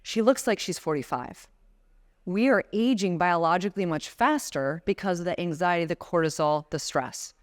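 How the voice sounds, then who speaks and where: Woman, 40s, motivational speaker at a live conference, smooth clear voice, coaching the room through exercises. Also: fairly low pitch, moderate pace. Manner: coaching, guides the audience through breathing exercises. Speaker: guest speaker. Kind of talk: motivational talk to a live audience. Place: conference room before a seated audience.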